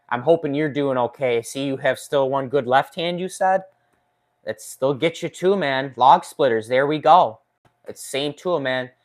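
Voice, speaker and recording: A man hosts a casual live stream, talking straight to his viewers. He reads their comments out loud and laughs often. He speaks into a desk microphone with his injured hand in a splint. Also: mid-range voice. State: recovering from a finger injury, in a splint. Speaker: woodworking channel host.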